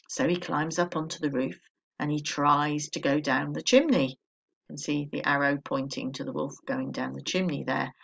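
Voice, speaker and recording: An English woman teacher talks through a recorded lesson for young pupils. Her voice has a gravelly, creaky edge. She explains each step clearly and patiently. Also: deep voice, a bit bright. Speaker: primary school teacher.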